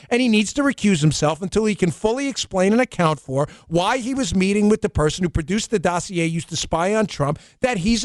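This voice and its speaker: A man from New York hosting a political talk show, sarcastic and animated, with quick asides. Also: high voice, no room sound, studio quality. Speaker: host.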